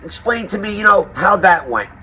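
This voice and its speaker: A man's voice: sits high, very animated, moderate pace, pushed and bright, slight background noise. A man with a New York accent hosting a mock interview roast, asking questions in a sarcastic, mock-serious way. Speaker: roast host.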